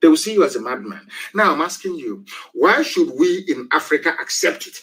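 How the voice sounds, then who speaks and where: A man's voice: fairly high pitch, sing-song, brisk, fairly bright tone, husky, low-quality recording. A man giving an impassioned political broadcast, preachy and full of repeated rhetorical questions. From Nigeria.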